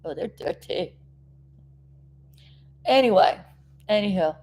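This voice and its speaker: Speaking slowly, this woman has a lowish, mellow voice with lively intonation. She vlogs from South Florida while recovering from an injury, tearfully rambling through a casual, emotional talk with her viewers.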